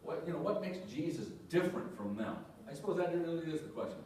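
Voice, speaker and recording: Echoey pastor preaching from afar. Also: male voice, a little high, lively intonation, quick pace, darkish tone. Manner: asks the congregation questions, repeats phrases. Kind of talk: conversational sermon. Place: church sanctuary. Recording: echoey church from a distant mic.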